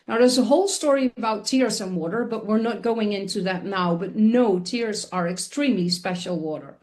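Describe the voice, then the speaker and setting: A woman telling a personal story as a guest on a talk show, earnest and expressive, often restarting her sentences. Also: medium pitch, moderate pace.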